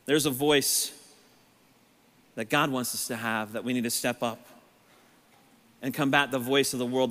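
A man preaching a sermon, his voice scratchy and strained, building to shouted emphasis with rhetorical questions. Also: mid-range voice, fairly even intonation, measured pace, long pauses. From Texas. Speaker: pastor. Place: church sanctuary. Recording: long hall reverb.

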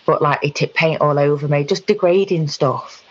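A woman recounting a personal experience in conversation, halting, with frequent ums and restarts. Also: low-pitched, dull audio. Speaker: guest.

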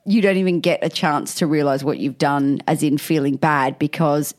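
A woman with a slightly low voice co-hosts a casual chat. She is candid and laughs often as she tells stories, acting out the voices of people in them. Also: steady tone, normal speed, a little mellow. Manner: candid, laughing storyteller who acts out quotes. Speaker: podcast co-host.

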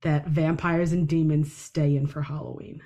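A woman's voice: low-pitched, level tone, normal speed, warm tone. Chatty woman podcaster, swears freely. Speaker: podcast co-host. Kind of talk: casual chat. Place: city.

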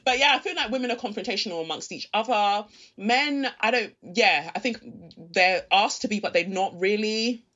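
A woman's voice: mid-range voice, normal speed, hardly any pauses, fairly bright tone, dull audio. A woman guest on a podcast, talking frankly and chattily, with lots of "like". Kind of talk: casual podcast chat.

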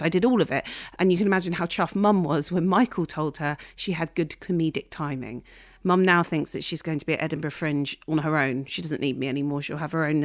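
A woman's voice: low voice, no echo, clean studio sound. A woman host reading a playful link between segments. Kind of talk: scripted link narration.

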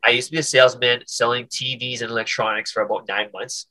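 A comedian with a mid-range voice talks fast while telling stories as a guest in a casual podcast interview. He's animated, restarts his sentences with frequent stammers, and acts out voices.

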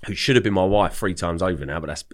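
Young male guest, very low pitch, casual rambling storyteller. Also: fast. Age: young adult. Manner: chatty, repeats words when starting sentences. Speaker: podcast guest.

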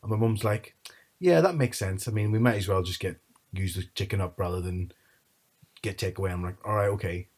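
A husky, fairly low-voiced man. He chats casually and rambles through family stories, acting out what his relatives said. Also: level tone, fairly quick, darkish tone. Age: 30s. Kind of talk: casual chat.

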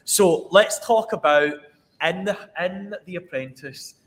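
A Scottish man hosting a casual chat show, expressive and quick to laugh. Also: sits high. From Scotland. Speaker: podcast host. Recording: roomy reverb with faint noise.

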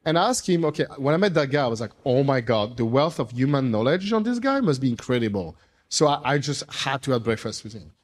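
A man, an entrepreneur, speaking casually to an audience, telling animated, rambling stories with playful swearing. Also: medium pitch, fast. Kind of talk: casual storytelling talk. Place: event room with audience.

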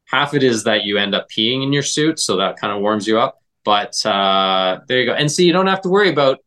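Easygoing vet guest from Canada, a bit low-pitched, jokes as he tells stories. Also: animated, fairly quick, bright, forceful tone. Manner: easygoing, jokey storyteller. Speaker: veterinarian guest. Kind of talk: casual interview chat.

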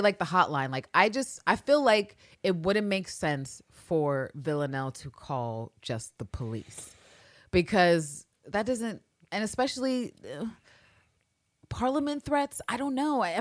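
A woman co-hosting a casual podcast chat, animated and swearing freely as she acts out scenes. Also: mid-range voice, moderate pace, no echo, studio quality. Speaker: podcast co-host.

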